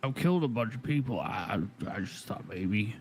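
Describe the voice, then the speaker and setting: A man's voice: lowish voice, animated, faint music behind. A man speaks in character during a tabletop role-play game. He stumbles and restarts often, trailing off as he hunts for words. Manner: halting, stammering speech. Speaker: player.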